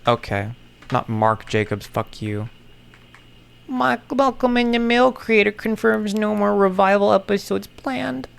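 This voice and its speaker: Slow, gravelly man muttering to himself. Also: high voice, animated, a bit bright, slight background noise. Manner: mutters and thinks aloud to himself, sarcastic, swears casually. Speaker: content creator. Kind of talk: casual solo commentary while puzzling something out.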